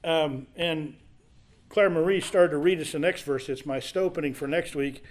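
A man's voice: a little high, moderate pace. A man leading a casual Bible study, reading scripture aloud and then explaining it in a conversational way.

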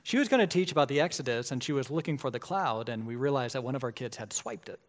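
A man's voice: mid-range voice, fast talker. A man, a pastor, preaching a sermon in a conversational way that grows emphatic at key points.

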